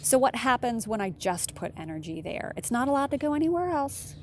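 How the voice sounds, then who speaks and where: A woman relationship consultant giving blunt, candid advice in a solo monologue, swearing casually and jumping up in pitch for emphasis. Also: brisk, a little hiss or hum. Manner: animated, with sudden emphatic jumps in pitch.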